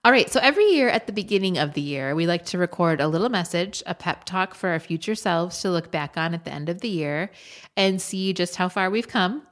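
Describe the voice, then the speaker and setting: A woman's voice: on the low side, animated, a little fast, fairly bright tone. A woman in her thirties co-hosting a podcast, chatting reflectively and casually with plenty of "like" and "um". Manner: reflective, conversational, with fillers like "like" and "um". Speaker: podcast co-host. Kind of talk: casual chat.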